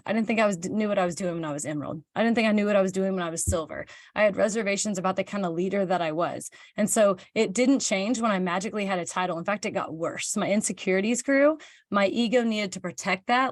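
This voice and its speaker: A woman's voice: medium pitch, quick pace, dry recording, clean studio sound. A woman from Kansas, hosting a motivational live talk for her team, chatty and candid, answering viewer comments and acting out bits of dialogue. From Kansas, United States.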